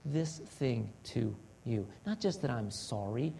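A man's voice: medium pitch, expressive, takes it slowly, vocal fry, dark tone, a little hiss or hum. A man preaching a sermon in an earnest manner, asking rhetorical questions and acting out example confessions. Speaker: pastor.

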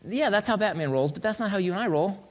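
A male pastor preaching a sermon in a conversational, joking way, swinging between loud and soft. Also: high voice, expressive, fast talker.

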